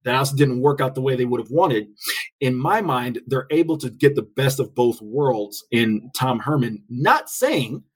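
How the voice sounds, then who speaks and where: Sports podcast co-host, male, slightly raspy, relaxed banter with stumbles. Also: medium pitch, moderate pace. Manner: loose and jokey, laughs often, trips over words. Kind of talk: casual sports podcast chat.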